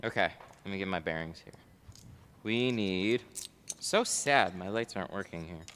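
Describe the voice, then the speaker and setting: A man's voice: low-pitched, moderate pace, a bit bright, big-room sound, slight background noise. A man working as a window tinter, chatting casually on a livestream while he works and answers viewer chat. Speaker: window tinter streaming live. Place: car tint shop.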